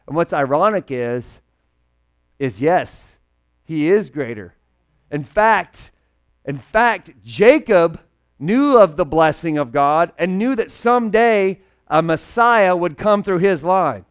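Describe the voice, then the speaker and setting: Smooth-voiced pastor, chatty and jokey. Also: male voice, fairly high pitch, slow pace, pauses often. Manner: conversational, jokey, animated preaching. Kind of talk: casual, humorous sermon.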